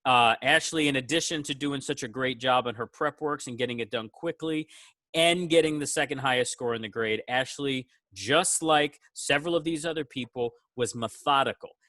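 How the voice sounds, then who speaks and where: Man, teacher, casual on-call award speech; bright, dry and close. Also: medium pitch, normal speed, no echo. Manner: warm, animated praise with quoted student voices.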